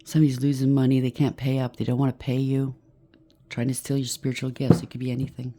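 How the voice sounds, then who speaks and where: A woman's voice: rumbling low, little pitch movement, fast talker, dark tone. A woman giving a rambling, chatty collective tarot reading, preaching and thinking aloud with frequent asides. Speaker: tarot reader.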